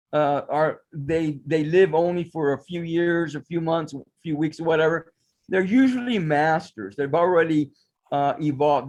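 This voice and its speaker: Rambling man with a higher voice. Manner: rambling, meandering storytelling. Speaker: guest, psychic astrologer. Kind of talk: casual interview storytelling.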